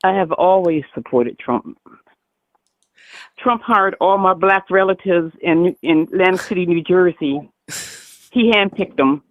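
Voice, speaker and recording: A woman's voice: lowish voice, a little slow, long pauses, no room sound. A woman in her sixties calling in to a live show, hostile and repetitive in her insults. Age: 60s. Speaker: caller. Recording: dull, dry phone audio.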